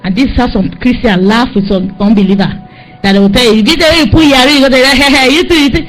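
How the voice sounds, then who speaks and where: A woman's voice: fairly high pitch, quick pace, faint music behind, low-quality recording. A woman with a Nigerian accent preaching a sermon, scolding and exhorting her listeners with insistent repetition.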